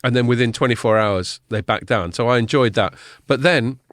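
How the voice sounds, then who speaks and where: Here a man hosting a relaxed podcast conversation swears casually and leans heavily on fillers and restarts. He talks at normal speed in a medium-pitched, fairly bright voice, captured in a dry, studio-quality recording.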